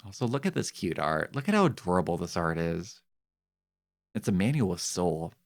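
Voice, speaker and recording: A man streaming a video game, chatting casually and getting excitable, his voice jumping up when amused. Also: normal speed, vocal fry. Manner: excitable, jumps high when amused or surprised. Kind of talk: casual live-stream chat while playing a game.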